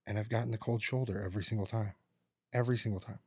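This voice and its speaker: Man, low voice, casual podcast chat, storyteller, acts out quotes, dry close studio sound. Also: steady tone, racing, a little mellow, breathy edge, dry recording. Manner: rambling storyteller who acts out relatives' lines. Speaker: podcast co-host.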